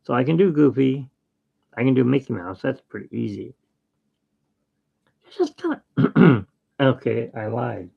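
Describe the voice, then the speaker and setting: A man's voice: medium pitch, normal speed, gravelly, narrow, tinny audio. A man hosting his channel, chatting casually and rambling with jokes while he draws. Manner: rambling and jokey. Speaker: artist and channel host. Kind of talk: casual chat while drawing.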